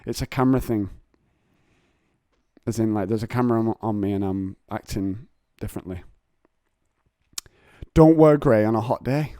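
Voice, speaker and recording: A man's voice: on the low side, normal speed, long pauses, mellow, dry recording, studio quality. An English man hosting a casual solo podcast from home, rambling and digressive with self-mocking humour. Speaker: podcast host. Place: home, on a couch.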